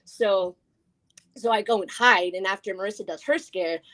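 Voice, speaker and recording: A young woman, a guest scare actor, telling stories in casual podcast talk, animated, laughing often and acting out what people said. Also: mid-range voice, normal speed.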